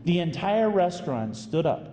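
A priest telling a story in a sermon, animated and acting out the voices of the people in it. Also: male voice, high voice, moderate pace, slight background noise. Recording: echoey hall with faint room ambience.

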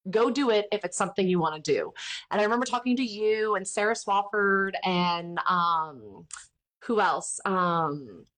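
A woman in her thirties who hosts a podcast and founded a ministry chats candidly in a casual interview, speaking at a measured pace with a medium pitch. She animatedly retells stories, voicing quotes and acting out the people in them.

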